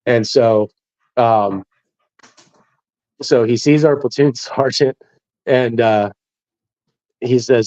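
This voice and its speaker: Speaking slowly with long pauses, a veteran in a relaxed interview recounts his military stories in a slightly mellow, mid-range voice. The dull, dry lo-fi recording captures him chuckling easygoingly as he goes.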